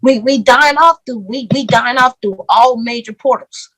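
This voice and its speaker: A woman co-hosting a casual podcast discussion, talking in a measured, reasoning way with some restarts. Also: on the high side, background noise. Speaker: podcast co-host.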